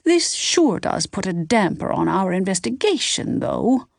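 A woman's voice: medium pitch, very animated, a little slow, creaky, dry recording, studio quality, full character voice. A woman voicing a bold, spirited woman sleuth who talks brashly.

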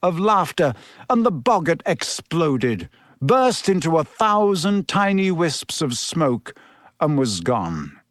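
A man's voice: fairly high pitch, sing-song, slow pace, no room sound, studio quality. A man reading a story aloud as scripted narration, delivering it expressively and slipping into voices for the characters.

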